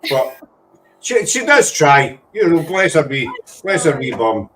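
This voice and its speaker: A man's voice: fairly high pitch, very animated, measured pace, a bit bright, poor audio. Teasing Scottish man, rambling chat. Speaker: host. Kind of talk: casual live-stream chat. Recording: faint background noise.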